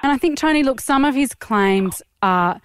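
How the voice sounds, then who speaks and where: A woman's voice: high voice, animated, normal speed, clean tone, no room sound. A woman co-hosting a radio show, chatty and giggly as she interviews a guest.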